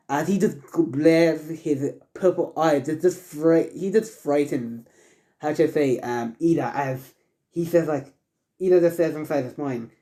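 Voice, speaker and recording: A man's voice: on the high side, measured pace, dark tone. A man casually narrating a fan story, rambling and stumbling with lots of fillers.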